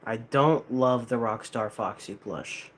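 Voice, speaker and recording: A man's voice: mid-range voice, takes it slowly. Rambling young American man streaming. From United States. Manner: rambling, hesitant, many restarts and fillers. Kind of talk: casual live-stream chat.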